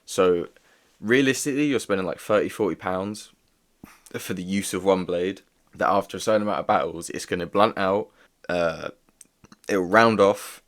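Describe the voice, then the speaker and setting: A man's voice: low-pitched, moderate pace. A young man giving a casual, rambling video review, peppered with filler words. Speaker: toy reviewer.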